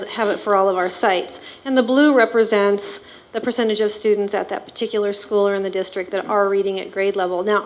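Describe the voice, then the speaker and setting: A woman, a district administrator, giving a measured, explanatory slide presentation to a school board. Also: mid-range voice.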